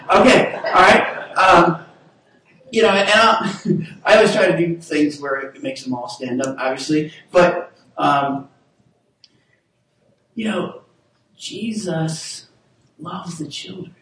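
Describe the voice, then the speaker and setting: High-voiced pastor in an echoey hall. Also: male voice, fairly bright tone, distant mic. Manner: casual, halting with restarts, leads the room in call-and-response. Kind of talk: sermon.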